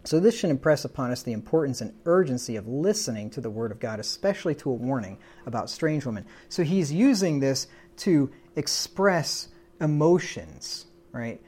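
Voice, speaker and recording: A man's voice: medium pitch, very animated, normal speed, darkish tone, slightly rough. A man preaching, explaining scripture verse by verse in an emphatic, teaching manner, often repeating words as he goes. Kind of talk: sermon, verse-by-verse Bible teaching.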